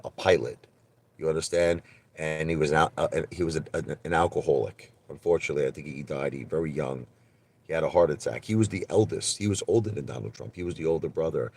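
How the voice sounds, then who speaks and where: A man chatting casually on a live stream, rambling and animated as he tells stories. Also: a bass voice. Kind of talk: rambling casual livestream chat.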